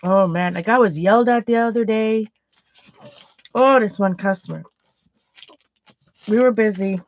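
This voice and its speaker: An art vlogger, a woman with a mid-range voice, chats casually and laughs through her stories while painting. She speaks at a measured pace, and the recording has a dull, dry lo-fi sound.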